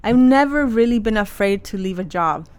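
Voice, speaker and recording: A woman's voice: medium pitch, expressive, normal speed, a little mellow, smooth. A woman fashion designer telling the story of her career in a casual, chatty way, with lots of "like" fillers. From Los Angeles area.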